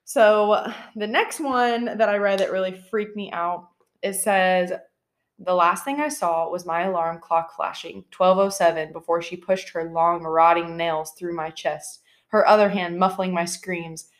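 A woman's voice: on the low side, a little slow. A young woman co-hosting a podcast, chatting casually and telling scary stories, with lots of fillers. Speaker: podcast co-host.

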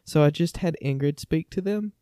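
A man's voice: on the high side, normal speed, mellow, smooth, dry recording, studio quality. A man co-hosting a podcast in casual chat, joking and rambling. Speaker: podcast co-host.

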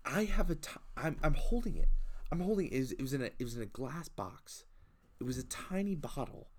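A man's voice: mid-range voice, big pitch swings, fairly quick. A young man in casual conversation, ranting indignantly with lots of restarts and repetition. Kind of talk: casual chat.

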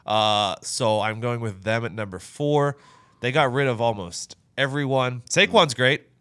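An opinionated man co-hosting a casual sports podcast, speaking at a medium pitch. He swears freely and lets his points trail off quietly. The sound is dry and close-miked. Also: measured pace, smooth, no echo. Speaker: podcast co-host.

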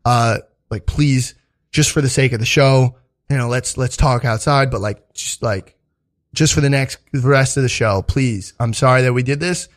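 A man's voice: medium pitch, moderate pace. A young man, a stand-up comic, telling a rambling, profanity-laden story in casual podcast chat, full of fillers and restarts. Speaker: stand-up comedian and podcast host.

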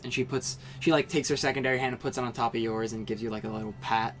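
A man running a tabletop game, narrating a scene in a relaxed, descriptive way and sometimes restarting his sentences. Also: medium pitch, fast, soft background music. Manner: relaxed, descriptive, self-correcting. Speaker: game master.

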